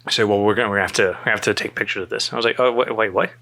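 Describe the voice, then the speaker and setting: A man's voice: on the low side, very fast, gravelly. A man telling a story in casual chat, acting out the voices of the people in it and laughing often. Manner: animated, acts out quoted dialogue, laughs often. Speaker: storyteller guest.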